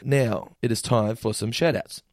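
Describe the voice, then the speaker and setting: An Australian man co-hosting a podcast in casual chat, chatty and quick to correct himself. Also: medium pitch, steady tone, darkish tone, no room sound, clean studio sound. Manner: chatty, laughs often, self-correcting. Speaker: podcast co-host.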